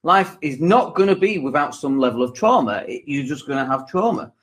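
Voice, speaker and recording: A man's voice: on the high side, expressive, brisk, fairly bright tone. A man in his forties giving a rambling, conversational motivational talk on his podcast, with lots of asides and filler words. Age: 40s. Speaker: podcast host. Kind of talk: motivational monologue.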